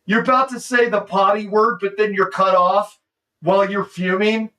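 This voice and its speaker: A man streaming a casual movie reaction, excitable and saying "dude" constantly. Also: high voice, moderate pace, far from the mic, poor audio.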